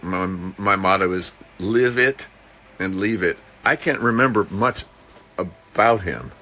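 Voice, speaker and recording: A man recording a casual personal video message. He talks in a halting, rambling way with many restarts and slips into dry, dark jokes. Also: on the low side. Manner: dry, darkly joking.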